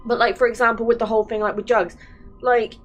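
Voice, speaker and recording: A woman's voice: on the high side, flat delivery, fast talker, faint music behind, poor audio. A young woman hosting a casual chat, rambling with many fillers and restarts. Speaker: channel host.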